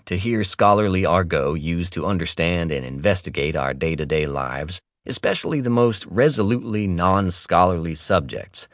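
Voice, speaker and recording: A man with a very low voice reads a nonfiction audiobook. His delivery is wry and expressive, with intonation that swings widely for playful asides. The sound is dry and close, recorded on a studio microphone. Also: no echo. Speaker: audiobook narrator. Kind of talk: scripted audiobook narration.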